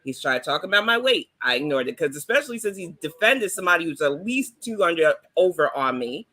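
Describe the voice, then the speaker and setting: Outspoken middle-aged New woman panelist, bright and forceful tone, plain-spoken. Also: fairly low pitch, sing-song, brisk. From New York. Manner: blunt and outspoken. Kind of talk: casual panel chat.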